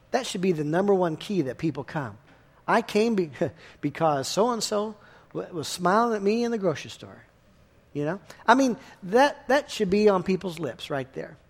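A man's voice: on the high side, darkish tone. A man preaching a sermon in a folksy, conversational way, telling everyday stories to make his points. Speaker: pastor.

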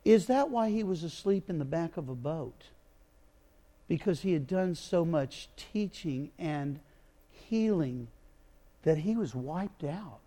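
A man preaching a sermon, retelling a Bible story with dramatic swings between loud outbursts and hushed moments. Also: a little high, lively intonation, slow.

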